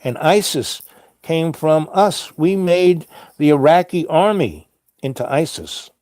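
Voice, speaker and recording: A middle-aged man tells a wandering, anecdotal story, stumbling over restarts and filler words. His voice sits a touch high for a man. The recording is close and dry, with no room sound. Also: lively intonation, slow pace, darkish tone, no echo. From New York. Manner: meandering, many fillers and restarts. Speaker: host. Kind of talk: rambling storytelling monologue.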